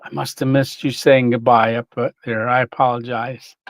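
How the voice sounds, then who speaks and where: A man's voice: mid-range voice, little pitch movement, moderate pace, dry recording. A man hosting a casual livestream, reading chat, greeting viewers by name and laughing often.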